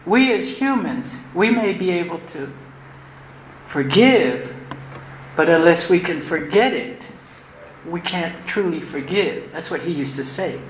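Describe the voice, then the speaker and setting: A woman with a lowish, animated voice gives the closing talk at a recovery convention, sharing her personal recovery story from the podium. She sounds earnest and reflective, repeating phrases and restarting haltingly. The live recording is roomy and echoey, with faint noise.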